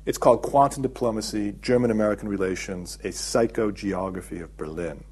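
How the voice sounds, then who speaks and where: A middle-aged man, a documentary filmmaker, giving a thoughtful interview and explaining his ideas with frequent pauses and fillers. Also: on the low side, a little mellow, breathy edge. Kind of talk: reflective interview talk.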